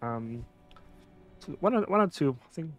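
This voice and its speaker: A man's voice: a little high, sing-song, normal speed, fairly bright tone, soft background music. Casual man thinking aloud while gaming. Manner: casual, thinks aloud, reads dialog choices. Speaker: gameplay streamer. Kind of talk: casual let's-play commentary.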